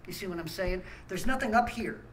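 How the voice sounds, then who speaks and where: A man's voice: high-pitched, brisk, a little hiss or hum, low-quality recording. A man, host of a small ministry channel, ranting angrily with blunt talk and stammered restarts. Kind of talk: angry ranting monologue.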